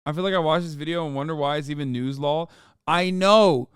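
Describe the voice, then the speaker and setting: A man's voice: fairly high pitch, fairly quick, a bit bright, smooth, dry recording, clean studio sound. A man streaming live, reacting to a clip in casual, blunt commentary full of swearing and disbelief. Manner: blunt, heavy swearing, incredulous.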